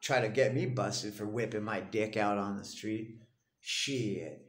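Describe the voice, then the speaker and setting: Foul-mouthed, gravelly man ranting. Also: fairly low pitch, unhurried. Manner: crude, rambling, swears constantly. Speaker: vlogger. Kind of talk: profane storytelling rant. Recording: echoey room.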